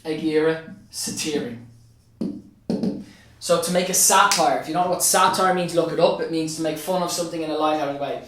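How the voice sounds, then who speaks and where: Speaking fairly quickly, this Irish man's voice is a little high and a bit bright, picked up by a distant mic with heavy reverb. A teacher and state examiner, he guides students through an exam answer step by step for revision, mixing Irish with English and restating key phrases.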